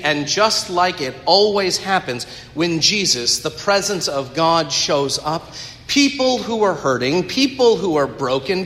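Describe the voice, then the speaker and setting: Bright-voiced male pastor in an echoey hall. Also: on the high side. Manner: earnest storytelling with rhetorical asides. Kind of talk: sermon. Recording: echoey hall with long reverb.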